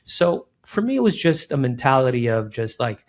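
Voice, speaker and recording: A man's voice: mid-range voice, moderate pace. A middle-aged man, a business founder in an interview, chatting casually and acting out quoted dialogue with lots of "man" and "like". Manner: animated storyteller, acts out quoted dialogue, frequent "man" and "like". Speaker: recruiting firm founder, guest.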